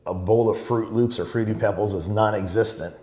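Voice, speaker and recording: A middle-aged man from Los Angeles speaks in a low voice as a podcast guest, winding through memories in a casual, rambling way. He often falls back on "you know" while he retells what his father used to say. The room around him has a noticeable echo. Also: fairly even intonation, fairly quick, mellow, a little hiss or hum. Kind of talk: casual storytelling.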